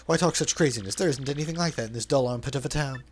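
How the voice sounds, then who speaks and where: A man's voice: medium pitch, racing, slight background noise, natural voice. Man hamming up Flavio, a pompous trader. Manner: grandiose, theatrical, overly formal phrasing. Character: flamboyant dramatic male trader-sailor, pompous and greedy. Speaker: let's play dubber.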